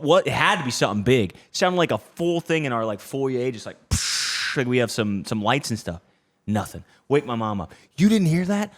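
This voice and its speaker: A young man hosting a podcast chat, his pitch swinging widely as he tells a story. He talks loosely and casually, swears freely and keeps asking "okay?" to pull the listener along. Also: fairly bright tone. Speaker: podcast host.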